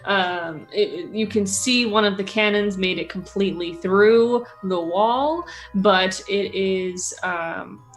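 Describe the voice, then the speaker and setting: A woman narrating a tabletop game as game master, relaxed and hesitant with many fillers. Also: mid-range voice, slow pace, few pauses, soft background music, poor audio.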